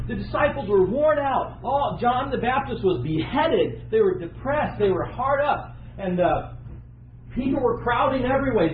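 A middle-aged man preaching a sermon, telling personal stories with lively asides and chuckles. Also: very high voice, a little hiss or hum. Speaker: lay preacher and physician. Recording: tinny echoey lo-fi recording.

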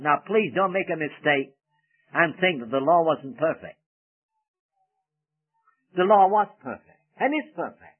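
Male radio Bible teacher, somewhat high and husky, earnest pleading delivery, lo-fi broadcast sound. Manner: earnest, pleading, emphatic swells. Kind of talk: radio Bible study sermon.

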